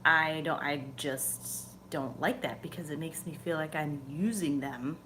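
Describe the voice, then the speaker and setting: A woman's voice: sits low, measured pace, fairly bright tone, slight background noise. A young woman on her channel, telling a story in a casual, chatty way, swearing freely and sometimes dropping to a whisper. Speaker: channel host. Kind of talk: casual chat.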